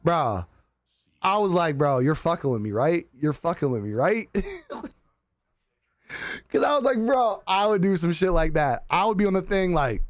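A man live streaming, telling a story in casual chat, animated and laughing often, acting out the voices he quotes. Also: on the high side, moderate pace, dry recording.

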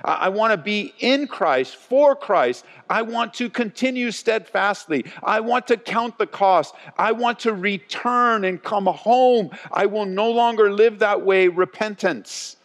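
Male pastor, animated sermon delivery, rising to loud and dropping to quiet, big reverberant sanctuary sound. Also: sits high, a little slow, hardly any pauses. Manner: animated, swings between loud and hushed. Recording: long church hall reverb.

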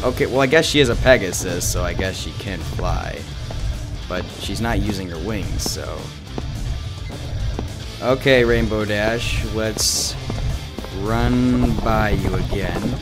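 A man plays through a horror game from his home studio, talking slowly between jolts of panic. He screams and swears loudly when startled. Game music plays clearly under his voice. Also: lowish voice. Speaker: gaming YouTuber. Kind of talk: horror game let's play commentary. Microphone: desk mic, no webcam. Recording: game music playing behind.

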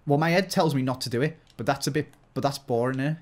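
A man with a Scouse accent from Liverpool, chatting casually as a guest player, thinking out loud and laughing easily. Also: mid-range voice. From Liverpool, England. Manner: chatty, self-questioning, quick to laugh. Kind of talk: casual gaming chat.

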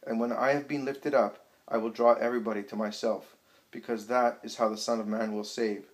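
A man's voice: mid-range voice, steady tone, fairly quick, close to an everyday voice, rough recording. Jesus, a man voicing a solemn preacher. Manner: solemn, declaiming. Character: solemn commanding male preacher, grown man.

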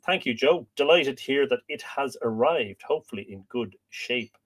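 A man's voice: medium pitch, lively intonation, normal speed. An Irish man hosting a casual livestream, greeting viewers by name and making jokes as he reads out their comments. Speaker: livestream host.

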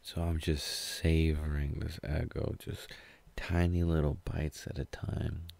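Low, gravelly young man rambling. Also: flat delivery, measured pace, darkish tone. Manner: laid-back, heavy swearing, rambling. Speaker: storyteller. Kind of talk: casual storytime.

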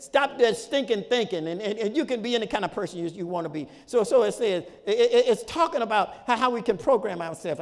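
A male pastor preaching a sermon in a folksy, repetitive style, with shouted peaks and laughter between points. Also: high voice, in a large hall. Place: church sanctuary.

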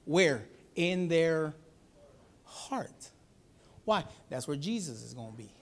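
A pastor preaching a Sunday sermon, telling a family story with acted-out voices. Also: male voice, fairly high pitch, slow pace. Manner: animated storytelling, acts out voices.

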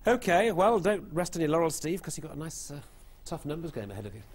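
A man's voice: a little high, big pitch swings, fast. A man hosting a television quiz show, chatty and genial, given to rambling a little as he moves things along. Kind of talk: TV game show presenting.

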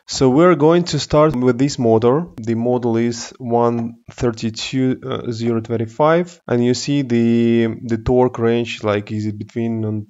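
A man presenting a technical demonstration of test equipment, explaining step by step with frequent pauses and restarts. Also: mid-range voice, a little mellow, muffled recording. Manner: explanatory, hesitant with fillers and restarts. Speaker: engineer presenting a product demo.

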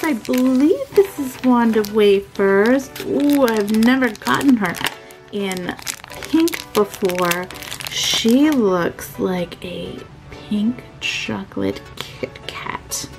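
A woman's voice: medium pitch, rough recording. A woman narrating a toy unboxing in a sweet, gushing, sing-song way.

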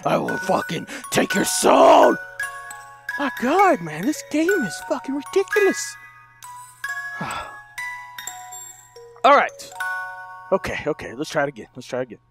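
A man's voice: very high voice, huge pitch swings, measured pace, creaky, pauses often, over music. A young man doing let's play commentary through a horror game, panicking, swearing and repeating himself. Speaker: gaming video host.

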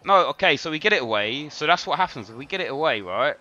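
A man's voice: a little high, expressive, quick pace, sharp tone, slight background noise. A man live-streaming a football video game, swearing and ranting in frustration at his players. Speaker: gaming streamer. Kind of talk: live gameplay commentary. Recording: dull lo-fi stream audio with faint music.

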